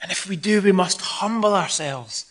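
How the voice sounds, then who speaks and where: A Scottish man preaching a sermon in a conversational, expressive way, acting out the scenes he describes. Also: high-pitched, normal speed. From Scotland.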